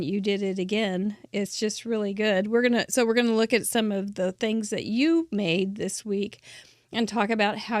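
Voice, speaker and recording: A woman's voice: medium pitch, dry recording, clean studio sound. A woman hosting a card-making show, chatting to viewers in a chatty, effusive way and laughing often. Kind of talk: casual chat to viewers.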